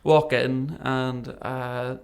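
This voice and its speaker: A man's voice: medium pitch, very slow, creaky, clean tone. A man, a podcast guest telling a personal story and acting out what people said. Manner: animated, acts out remembered dialogue. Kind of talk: casual storytelling interview.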